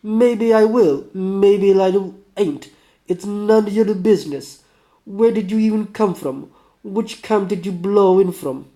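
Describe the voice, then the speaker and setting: A man voicing a bitter, sickly male metalworker under forty in a put-on Russian accent, loud and snappish. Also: high-pitched, a little slow, pitched above the performer's own voice. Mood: hostile. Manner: snappish, raised, belligerent.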